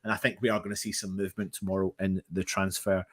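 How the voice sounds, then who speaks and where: A man's voice: deep voice, flat delivery, fast, a bit bright, dry recording, studio quality. A man hosting a casual live fan stream, reading out chat messages and laughing often. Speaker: fan channel host.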